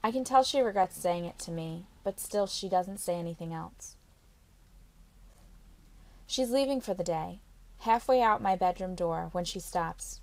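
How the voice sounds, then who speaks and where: A woman's voice: fairly low pitch, normal speed, a little mellow, no echo. A woman reading a first-person novel aloud as an audiobook, in plain storytelling with light character voicing. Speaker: audiobook reader.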